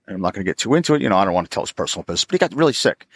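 Man in his fifties, lowish voice, dry close sound, chatty, laughs often. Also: sing-song, rapid-fire, slightly rough, dry recording. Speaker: guest, diesel mechanic. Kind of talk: casual storytelling.

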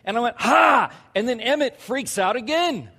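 A man in his thirties preaching a sermon, telling stories loudly and animatedly with laughs. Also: very high voice, brisk, long reverb tail. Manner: loud, animated storytelling with laughs. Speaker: pastor.

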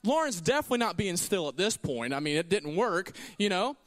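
A male pastor preaching in a church, his fairly high voice swinging widely up and down as he tells stories and acts out what people say. A long hall reverb trails behind his words. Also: fairly quick. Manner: animated storytelling, acting out quoted lines. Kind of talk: sermon. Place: church sanctuary.

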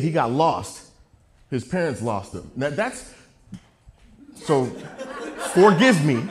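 A man preaching a sermon, telling a story with jokes in an animated, self-mocking way. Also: mid-range voice.

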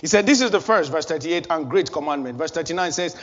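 A man's voice: a little high, expressive, fast talker, hardly any pauses, in a large hall, muffled recording. A man preaching a sermon as pastor of his church, building emphasis with repeated phrases.

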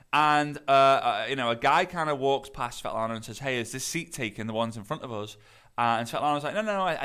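A man's voice: medium pitch, pushed and bright. A man hosting a podcast, coaching on network marketing in a loose, conversational monologue full of fillers and restarts.

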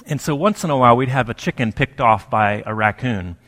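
A man giving a sermon in a conversational, storytelling way, with pauses for effect. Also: medium pitch, fairly bright tone. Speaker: pastor. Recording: long hall reverb.

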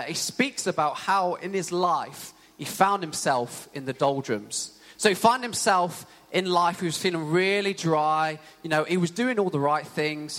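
A young man preaching a sermon in a casual, storytelling way, full of "you know" fillers. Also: on the high side. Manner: conversational, animated storytelling with many fillers. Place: church hall. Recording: long church hall reverb.

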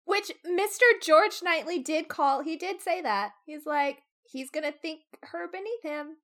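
High-voiced woman making wry asides. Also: lively intonation, a bit bright. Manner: quick to react, wry, joking. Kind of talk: casual book discussion chat.

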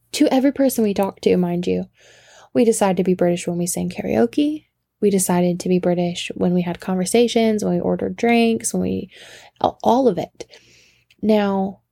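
In a gravelly, mellow, medium-pitched voice, a woman tells a casual story, animated and quick to laugh, cursing freely as she speaks to her listeners. The sound is close and dry, with no echo.

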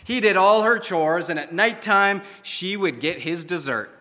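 A male pastor delivers a sermon, speaking earnestly and stressing his key points. His voice sits a bit high and sounds bright and forceful. The sound carries the long reverb of a large hall. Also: expressive, measured pace. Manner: earnest, emphatic storytelling.

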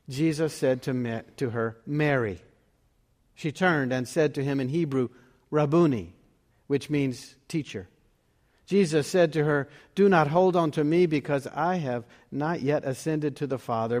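A man's voice: mid-range voice, darkish tone. A man preaching as a pastor, reading scripture and telling a story in an earnest sermon. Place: church. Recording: long reverb of a church hall.

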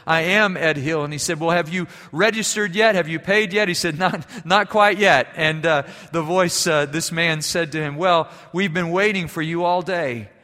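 A man preaching a sermon as pastor, telling stories and moving between quiet, hushed passages and emphatic ones. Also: on the high side, normal speed, hardly any pauses, big-room sound.

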